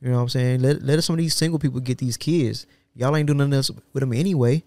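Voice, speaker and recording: A man co-hosting a podcast in casual chat, slangy and quick to joke and laugh. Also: medium pitch, dark tone, dry recording. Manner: joking, laughs often, slangy. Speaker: podcast co-host. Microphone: studio podcast mic.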